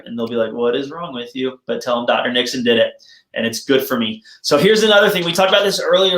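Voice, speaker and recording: A man's voice: a little high, a bit bright. Guy doing a chill health talk, friendly and jokey, kinda echoey room. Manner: friendly, explanatory, self-joking. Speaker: chiropractor giving a health talk. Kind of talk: casual health presentation. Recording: roomy echo.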